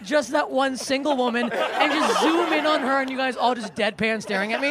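A woman in her thirties doing a crude, self-deprecating stand-up set, acting out shouted quotes. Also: sits high, expressive, fairly quick, few pauses. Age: 30s. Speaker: stand-up comedian. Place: comedy club stage. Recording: live club with faint crowd and noise. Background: audience laughter.

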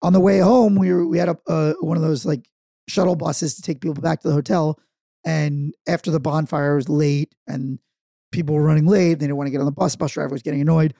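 A man, co-hosting a casual podcast and telling stories with loud acted-out quotes. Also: fairly high pitch, quick pace, gravelly, dry recording, studio quality. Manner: animated storyteller, acts out quotes loudly. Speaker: podcast co-host. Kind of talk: casual chat, storytelling.

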